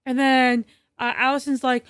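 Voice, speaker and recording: A woman co-hosting a podcast, chiming in with chatty, quick recaps of scenes. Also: high-pitched, level tone, fairly bright tone, clean tone, no room sound, clean studio sound. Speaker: podcast co-host. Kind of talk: casual movie review chat.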